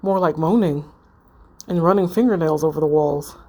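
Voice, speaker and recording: A woman's voice: deep voice, moderate pace, warm tone. A woman reading the lines of a frightened teenage girl haunted by ghosts, in a tense, plain text-message delivery. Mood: scared.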